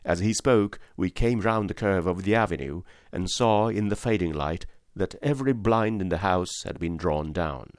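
Man reading an old story, low voice, steady, dry close sound. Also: normal speed, few pauses, dry recording. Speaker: audiobook narrator. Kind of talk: scripted narration.

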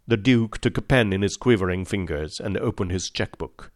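A man narrating an audiobook in a measured, formal manner. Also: low-pitched, dry recording, studio quality.

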